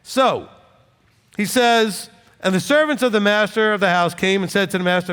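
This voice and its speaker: A man's voice: high voice, normal speed, a bit bright, smooth, big-room sound. A man, a rabbi, giving an informal sermon in a blunt, conversational way, often checking in with "okay?" and joking as he goes. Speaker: rabbi teaching scripture.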